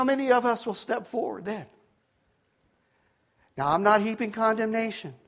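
Pastor, man in his 50s, higher-pitched voice, animated sermon delivery with loud peaks and hushed drops. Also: moderate pace, vocal fry, pauses often. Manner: animated storytelling, rising to shouts at peaks, dropping to near-whispers; self-deprecating asides.

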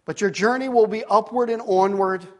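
A man in his fifties preaches with a higher-pitched voice. He tells a story with self-deprecating asides, swinging between shouted peaks and hushed, nearly whispered moments. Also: moderate pace. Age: 50s. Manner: animated storytelling, rising to shouts at peaks, dropping to near-whispers. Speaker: pastor. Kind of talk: sermon.

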